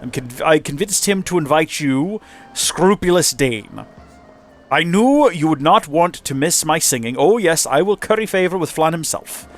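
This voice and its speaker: A man's voice: on the high side, lively intonation, faint music behind. Man putting on a grand lady singer. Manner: slow, grand, unsure of the accent. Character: flattering woman singer, vague foreign accent. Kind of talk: reading a letter aloud in a voice.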